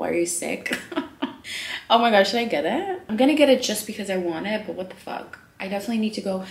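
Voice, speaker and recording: A woman in her twenties from the Netherlands, chatting candidly in a vlog from a hotel room. She swings between loud exclamations and hushed asides. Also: mid-range voice, vocal fry, roomy sound. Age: 20s. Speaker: vlogger. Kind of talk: casual candid vlog chat. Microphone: handheld vlog camera.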